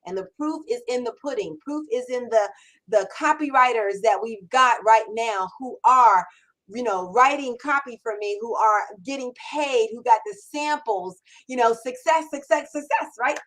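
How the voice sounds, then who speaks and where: Energetic middle-aged woman hosting a live Q&A. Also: on the high side, moderate pace, poor audio. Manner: energetic, enthusiastic, repeats words for emphasis. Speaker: host. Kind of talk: live-streamed Q&A. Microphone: camera mic on a livestream.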